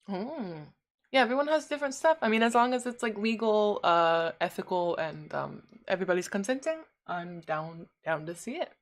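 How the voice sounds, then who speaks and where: A woman's voice: medium pitch, lively intonation, moderate pace. Casual female streamer, chatty and giggly, reading and answering chat. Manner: laughs often, chatty, answers chat messages. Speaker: livestreamer.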